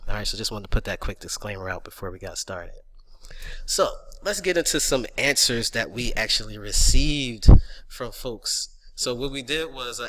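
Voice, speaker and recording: Bright, low-pitched rambling man. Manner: loose, rambling, many fillers and restarts. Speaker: podcast co-host. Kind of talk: casual podcast talk.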